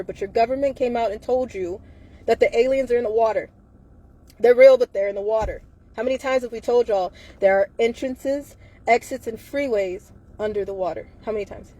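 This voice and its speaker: A woman holds forth in a live video monologue. Her voice sits a little high but sounds mellow and warm. She talks fervently and keeps circling back to rhetorical questions. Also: fairly quick. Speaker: livestreamer.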